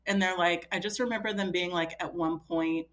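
A woman's voice: fairly low pitch, fairly even intonation, a little fast, a bit bright. A woman in her thirties, a podcast guest telling a personal story in a chatty way, full of fillers and quoting herself. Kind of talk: casual storytelling.

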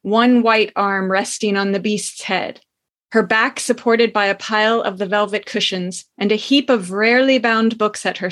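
A woman with a mid-range, fairly bright voice hosts a podcast, chatting playfully and laughing often. She also reads a passage from a novel aloud.

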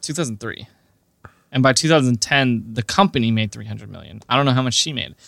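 A man's voice: medium pitch, animated, brisk, vocal fry, fairly bright tone, no echo, clean studio sound. A young man co-hosting a podcast in casual chat, telling stories earnestly with many filler words. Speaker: podcast co-host.

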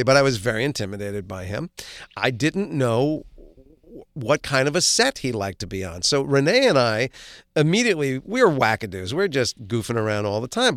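A middle-aged man and actor, a guest, telling animated, self-deprecating show-business stories in a casual interview. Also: mid-range voice, no echo, studio quality.

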